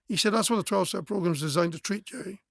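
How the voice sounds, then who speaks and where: A man's voice: high voice, fast talker, creaky, a bit bright, no echo, clean studio sound. A man in his forties from Wales, a musician guest telling a personal story frankly and bluntly, acting out remembered conversations. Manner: frank, blunt, swears, acts out remembered dialogue.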